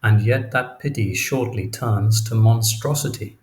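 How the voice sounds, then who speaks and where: A man reads nonfiction prose for an audiobook. His delivery is measured and deliberate, and his voice sits a little low. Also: a little mellow. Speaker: audiobook narrator. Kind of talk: audiobook narration.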